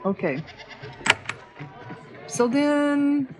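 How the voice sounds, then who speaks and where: A woman's voice: sits high, animated, drawn-out words, crowd noise. A woman hosting a let's play, reading game text aloud in a hesitant way, with fillers.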